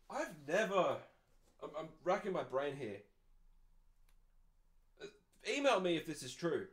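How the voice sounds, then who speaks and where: Ranting Australian man, slightly high voice. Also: a bit bright. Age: 20s. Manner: profane, ranting and sardonic. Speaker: podcast host. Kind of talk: casual podcast rant.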